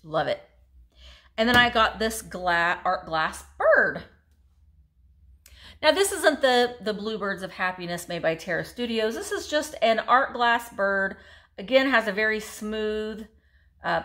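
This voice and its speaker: A woman's voice: fairly high pitch, a bit bright. A woman reselling vintage, showing off her finds in a chatty, gushing haul video. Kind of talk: casual show-and-tell haul video.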